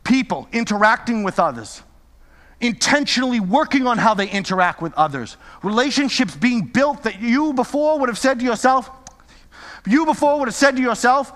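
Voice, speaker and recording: A man's voice: very high voice, lively intonation, normal speed, fairly bright tone, big-room sound. A male pastor preaching a sermon with impassioned, repetitive exhortations.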